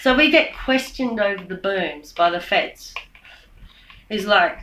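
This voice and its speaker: A woman giving a rambling, profane monologue, swinging between loud rants and low mutters. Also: unhurried, a little hiss or hum. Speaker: vlogger giving a speech. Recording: echoey room.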